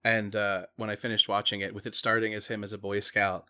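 A young man co-hosting a casual movie podcast, speaking in a hesitant, dry and halting way. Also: fairly low pitch, level tone, bright, forceful tone. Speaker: podcast co-host.

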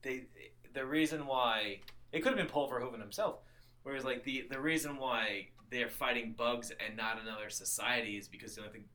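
Male podcast co-host, mid-pitched, loose and animated, swears, acts out quotes. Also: brisk. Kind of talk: casual movie discussion.

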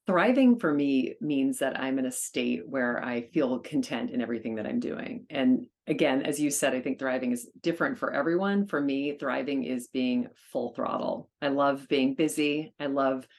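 A woman guest on an interview podcast, a charity auctioneer talking in an upbeat, energetic way. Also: very deep voice, moderate pace, few pauses. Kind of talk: casual conversational interview.

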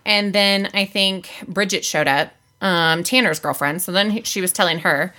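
Teasing woman with a bright voice. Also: lowish voice, normal speed. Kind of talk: casual chat.

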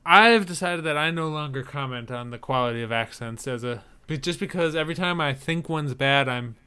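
A man's voice: on the high side, a little fast, bright, forceful tone, clear, resonant tone. A man co-hosting a podcast in casual chat, wry and chuckling as he reads out listener emails. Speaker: podcast co-host.

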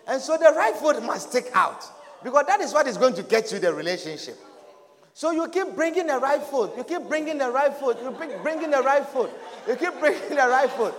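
High-voiced pastor preaching in hall. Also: male voice, normal speed. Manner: animated, often laughing and shouting, acts out quoted voices. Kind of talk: lively sermon. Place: church hall. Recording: echoey hall with crowd. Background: congregation.

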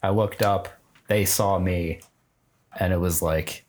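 A man in casual chat who tells a short story haltingly and searches for words. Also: low-pitched, fairly even intonation, a little mellow.

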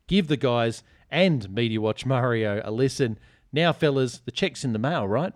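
Man, podcast host, playful ribbing delivery, mid pitch, dry close recording. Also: animated, normal speed, dry recording. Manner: joking, teasing, reads listener reviews aloud. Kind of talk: casual chat.

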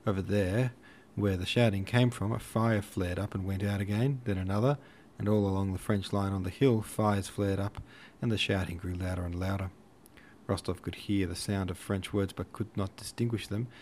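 Low-voiced male audiobook narrator. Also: normal speed, a little hiss or hum. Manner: steady, even storytelling. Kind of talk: scripted narration.

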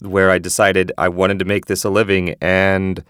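A man's voice: low voice, completely flat delivery, normal speed, fairly bright tone, clear, resonant tone, dry recording, clean studio sound. A man from Cincinnati, an audiobook narrator guesting on a podcast, upbeat and enthusiastic. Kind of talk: casual interview.

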